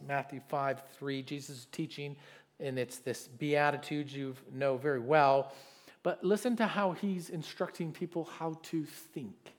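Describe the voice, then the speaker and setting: A man preaching a sermon as pastor, telling stories and reading scripture, swinging from loud to soft. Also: on the high side. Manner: reads scripture aloud, with fillers and restarts.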